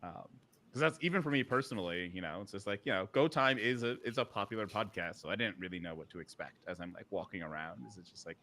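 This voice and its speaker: A man's voice: lowish voice, lively intonation, quick pace, bright, forceful tone. A man co-hosting a live podcast in casual chat, telling a long story with many fillers, restarts and a few laughs. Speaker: podcast co-host. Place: live podcast recording at a conference.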